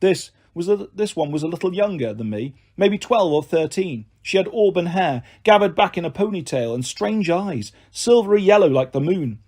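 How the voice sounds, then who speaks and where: Husky, expressive male audiobook narrator. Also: high-pitched, moderate pace, few pauses. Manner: expressive, dramatic delivery. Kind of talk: scripted first-person audiobook narration.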